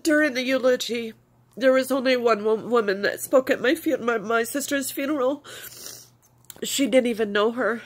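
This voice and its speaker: A woman's voice: a little high, normal speed. A woman vlogger telling a personal story to camera in a confiding, rambling way, with many fillers, close to tears.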